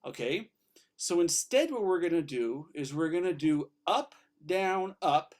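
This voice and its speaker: Upbeat high-voiced man teaching fiddle. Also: lively intonation, a little slow. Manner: upbeat, encouraging, counts in and demonstrates. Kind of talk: online fiddle lesson.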